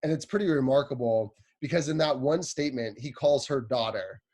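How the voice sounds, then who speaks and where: A man's voice: mid-range voice, a little fast, a little mellow. A man giving a casual, chatty sermon, retelling a story with a playful, conversational manner.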